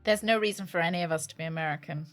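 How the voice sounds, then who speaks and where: A woman's voice: fairly low pitch, rapid-fire. Young woman, British accent, playful and chatty, faint background music, casual let's-play banter. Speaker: streamer.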